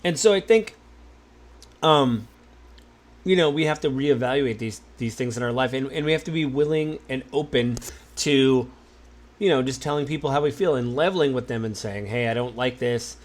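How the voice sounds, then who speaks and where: A married man hosting a podcast, talking in a relaxed, musing way, with many fillers and restarts. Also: mid-range voice, moderate pace. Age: adult, married. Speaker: podcast host. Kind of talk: casual solo podcast talk.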